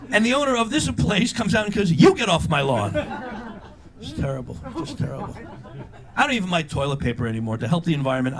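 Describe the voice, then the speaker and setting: On a comedy stage, an older man performs a live stand-up routine with punchy delivery, frequently jumping into loud, high-pitched character voices. It's a live show recording, and audience laughter fills the background.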